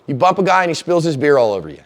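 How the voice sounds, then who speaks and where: A man's voice: fairly high pitch, racing. A middle-aged man teaches a self-defense class in a slightly raised voice. He tells stories with energy and acts out the people in them. His talk stays casual and direct throughout. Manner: animated storyteller, acting out quoted lines loudly.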